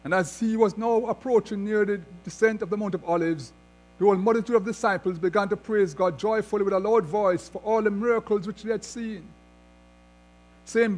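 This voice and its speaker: A high-pitched male pastor delivering a sermon. He reads scripture passages and then explains them, building his emphasis as he goes. A low electrical hum runs underneath the recording. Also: fairly even intonation, brisk, a little mellow, faint music behind.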